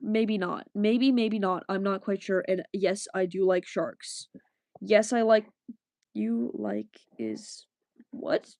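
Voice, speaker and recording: Slow-talking woman chatting on stream. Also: mid-range voice, animated, a little mellow, no echo. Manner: rambling, laughing, answering chat. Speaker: livestreamer. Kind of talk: casual livestream chat.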